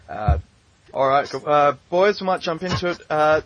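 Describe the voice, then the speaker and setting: A man's voice: fairly high pitch, moderate pace, fairly bright tone, no room sound. A man hosting a casual football podcast, chatty, laughing easily and asking rambling questions. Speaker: podcast host. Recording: dull lo-fi recording.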